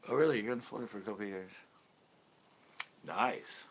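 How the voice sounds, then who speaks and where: A man's voice: lowish voice, a little fast, breathy edge. A man from California, hosting a fishing channel in casual livestream chat, ranting loosely and swearing freely.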